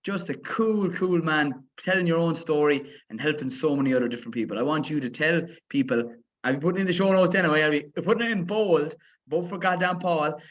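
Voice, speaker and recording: A man's voice: fairly high pitch, fast talker, hardly any pauses. A man hosting a podcast, talking in effusive, enthusiastic casual chat. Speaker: podcast host. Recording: dull lo-fi sound.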